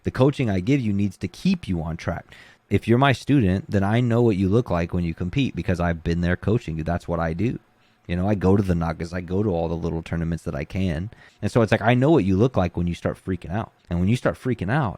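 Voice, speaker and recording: A man's voice: deep voice, fairly quick, no echo. A man who coaches jiu-jitsu, talking casually and acting out the things people say to him. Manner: animated, acts out quoted voices. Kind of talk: casual podcast talk.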